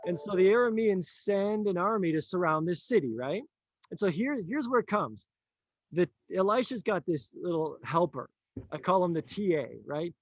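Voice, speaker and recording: A man telling a story in a casual conversation, animated, acting out the lines of the people in it and laughing often. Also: high-pitched, normal speed, dry recording. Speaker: author and teacher.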